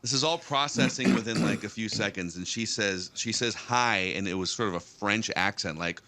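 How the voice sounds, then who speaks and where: A man's voice: fairly low pitch, moderate pace, background noise. A man in his thirties, a guest telling a rambling story on a talk show with many restarts. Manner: rambling, with frequent restarts and fillers.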